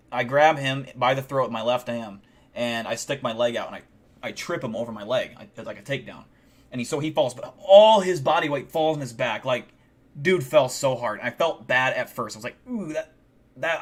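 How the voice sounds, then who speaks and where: Profane, excitable male streamer. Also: mid-range voice. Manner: profanity-heavy, animated retelling. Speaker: livestream host. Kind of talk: casual storytelling on a live stream.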